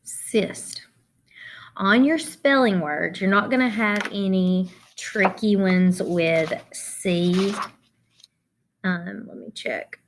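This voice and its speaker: A middle-aged woman teaching a children's phonics lesson, slowly and deliberately spelling out letters and syllables. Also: medium pitch, slight background noise.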